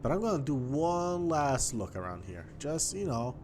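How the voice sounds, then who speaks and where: A gaming YouTuber offers casual commentary while exploring a game, chatty and thinking aloud. His medium-pitched voice is sing-song and darkish, at normal speed. Faint game music plays behind him.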